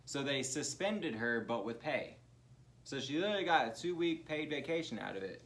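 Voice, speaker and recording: A man's voice: mid-range voice, expressive, moderate pace, fairly bright tone. A man co-hosting a comedy podcast, telling profane childhood stories in a loose, laughing way. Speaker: podcast co-host. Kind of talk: casual chat.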